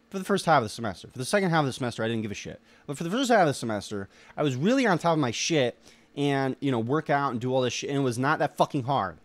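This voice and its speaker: A man's voice: medium pitch, lively intonation, quick pace, dry recording. A young man in a rambling solo monologue, ranting with heavy swearing and lots of filler words. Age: young adult. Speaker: solo podcaster.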